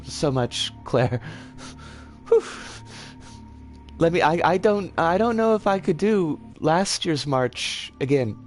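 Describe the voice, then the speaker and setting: During a live game session, a streamer with a medium-pitched, animated voice talks slowly, leaving long pauses, while soft music plays behind. Chatty and self-correcting, they read chat aloud, stammer into frequent restarts, and swear mildly.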